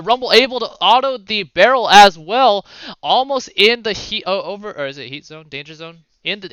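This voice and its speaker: A man giving casual play-by-play commentary on a video game match, with quick calls and the odd swear. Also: high-pitched, pushed and bright, smooth, no room sound, highs cut off. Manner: fast play-by-play with swearing and asides. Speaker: esports caster.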